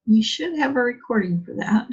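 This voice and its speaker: A woman's voice: on the high side, expressive, normal speed, husky. A woman teacher giving a chatty English exam lesson, asking rhetorical questions and using plenty of fillers. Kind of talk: online lesson. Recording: dull lo-fi sound.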